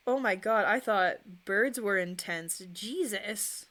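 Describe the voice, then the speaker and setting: A woman's voice: medium pitch, takes it slowly, hardly any pauses, a bit bright. A young woman streamer chatting casually and rambling while she paints miniatures and answers questions from chat.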